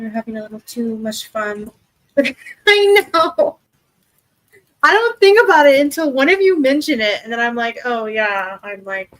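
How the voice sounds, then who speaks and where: Over rough audio, a fairly high, fairly bright female voice comes from a young woman livestreaming at her home desk. She talks casually with viewers in the live chat, rambling with lots of fillers and restarts.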